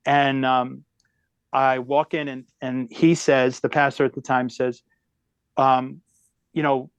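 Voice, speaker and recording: A middle-aged guest comedian tells a long personal story on a podcast in a slow, clean, mid-range voice, pausing often. The recording is dry with the highs cut off. He is an animated storyteller whose speed shifts a lot as he goes.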